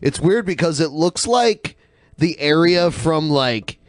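A man's voice: fairly high pitch, animated, takes it slowly, no echo, studio quality. A man co-hosting a podcast, talking in a laid-back, sarcastic casual chat. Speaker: podcast co-host.

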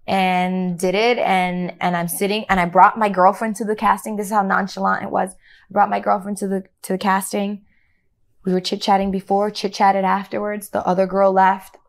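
Middle-aged actress guest, animated anecdote teller, playful with quoted lines. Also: female voice, mid-range voice, moderate pace. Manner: animated, acts out quoted dialogue, laughs often. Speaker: actor guest. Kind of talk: casual storytelling interview.

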